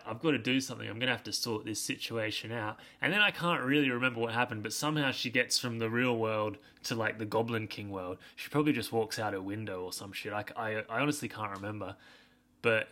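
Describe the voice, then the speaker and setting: A man's voice: fairly low pitch, pushed and bright. A young man hosting a podcast, rambling through a sweary, self-deprecating film recap on his own. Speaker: podcast host. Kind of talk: casual recap monologue.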